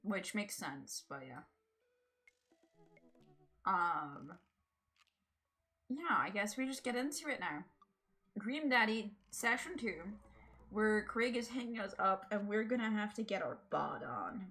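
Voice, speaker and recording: A woman's voice: mid-range voice, animated, slow, pauses often, a bit bright, faint music behind. A woman streamer chatting casually during a game, chatty and laughing, swearing freely. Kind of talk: casual gaming livestream chat.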